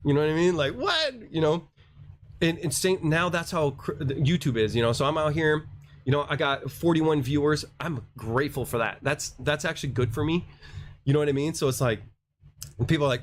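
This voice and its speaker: A man's voice: medium pitch, a little fast, slight background noise. A man hosting a crypto livestream, ranting casually in a rambling, slangy, self-mocking way.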